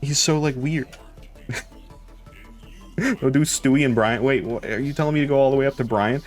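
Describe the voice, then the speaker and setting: A man's voice: medium pitch, normal speed, soft background music. A young man chatting casually on a live stream, rambling, laughing often and swearing now and then.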